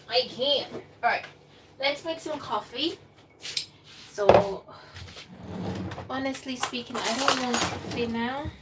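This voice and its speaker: A woman hosting a casual cooking live stream from her home kitchen, chatty and excitable, rambling as she goes. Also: a little high. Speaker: cooking livestream host. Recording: distant mic with clear room noise.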